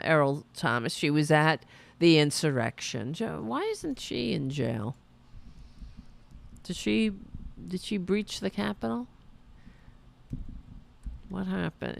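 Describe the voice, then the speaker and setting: A woman hosting a political podcast, talking in a sarcastic, mocking way with quick asides. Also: medium pitch, vocal fry. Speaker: podcast host.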